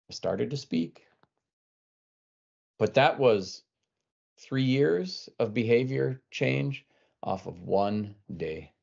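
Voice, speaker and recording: A man speaks in a low voice, telling a personal story with a wry, conversational touch. He acts out the people he quotes. The recording sounds somewhat dull and lo-fi. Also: gravelly, a little mellow. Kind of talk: storytelling talk.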